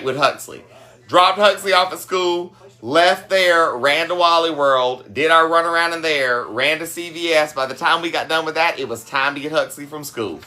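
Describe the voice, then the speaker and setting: Bright-voiced Southern woman with a twang. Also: deep voice. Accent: South Carolina Southern twang. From South Carolina, USA. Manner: chatty and folksy, laughs often, greets viewers warmly. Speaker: cooking livestream host. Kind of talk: casual chat while cooking live.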